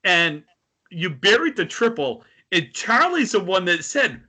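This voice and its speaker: A man's voice: high voice, lively intonation, moderate pace, bright, forceful tone. A man co-hosting a podcast, chatting casually, rambling through questions and laughing easily. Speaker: podcast co-host. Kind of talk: casual interview chat.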